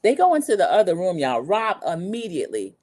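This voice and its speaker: With a lowish voice and a fairly quick delivery, a recap show host in her 40s runs through a TV episode casually. Chatty and sassy, she quotes the cast in playful put-on voices.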